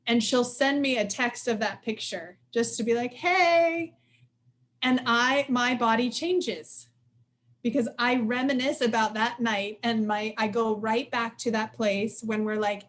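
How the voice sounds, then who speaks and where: A woman in her forties presenting a relaxed workshop to a group, with a somewhat high voice. She talks quickly and animatedly, breaking into quick acted-out quotes in a higher voice. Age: 40s. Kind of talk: casual live lecture.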